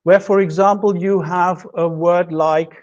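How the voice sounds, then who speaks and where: A linguistics lecturer whose first language is German gives a university lecture, working methodically through examples. His voice is high with a darkish tone, fairly even intonation, and an unhurried pace. The recording is muffled.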